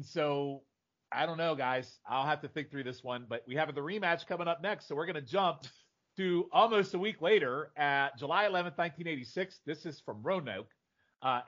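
A man's voice: medium pitch, fairly bright tone. A man hosting a casual podcast chat, talking bluntly and swearing freely. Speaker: podcast host. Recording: dull lo-fi audio.

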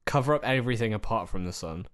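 A man's voice: fairly low pitch, animated, quick pace, fairly bright tone, clear, resonant tone. Rambling, laughing man co-host. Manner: rambling, laughs often, self-correcting. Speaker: podcast co-host. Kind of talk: casual comedic chat.

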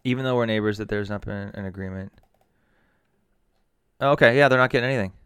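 A man's voice: fairly low pitch, fast, fairly bright tone, clean tone, no room sound, studio quality. A man co-hosting a casual podcast chat, joking, swearing and telling stories, feeling unwell.

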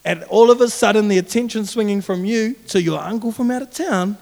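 A man's voice: sits high, fairly quick, vocal fry, darkish tone. A young adult man giving an earnest, conversational sermon as a youth pastor. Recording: long hall reverb.

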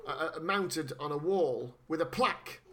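A man from Britain co-hosting a casual film chat, animated and sweary, who often restarts his sentences. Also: on the high side, a little slow.

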